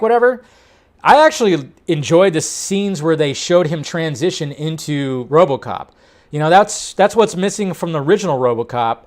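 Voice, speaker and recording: A man's voice: fairly high pitch, animated, normal speed. A man hosting a casual film news show, chatting loosely and breaking into bursts of disbelief. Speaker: host.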